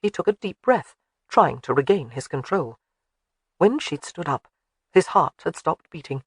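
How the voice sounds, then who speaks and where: An audiobook narrator reading a historical romance with expressive storytelling. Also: mid-range voice, unhurried, slightly rough, dry recording, clean studio sound.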